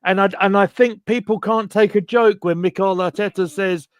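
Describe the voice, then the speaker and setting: A man hosting a casual football chat stream over a video call, chatty and excitable, with lots of stumbling restarts. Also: high-pitched, moderate pace, clear, resonant tone, dry recording, studio quality. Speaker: host. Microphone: home computer mic on a video call.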